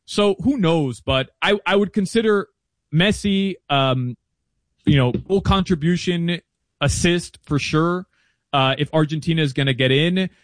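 A man's voice: on the high side, no echo. Fired-up man talking soccer bets. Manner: chatty and animated, fast asides. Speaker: soccer betting guest analyst. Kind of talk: casual interview chat.

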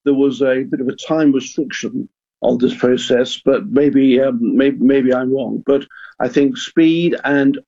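An older man talks earnestly as a radio guest, stumbling and repeating words while he gathers his thoughts. His voice is warm and a little husky. The sound is dull and muffled, as if heard over a remote line. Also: medium pitch, fairly even intonation, a little slow. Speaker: guest, former football club chairman. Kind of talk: radio discussion.

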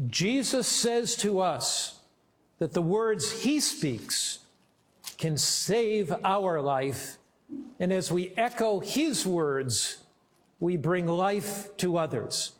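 A male pastor preaching a sermon with deliberate, emphatic storytelling. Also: high voice, big pitch swings, a little hiss or hum.

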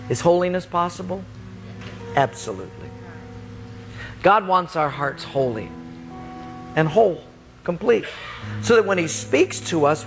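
A middle-aged man preaching a sermon as a lively story, acting out the voices and often laughing as he talks. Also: a little high.

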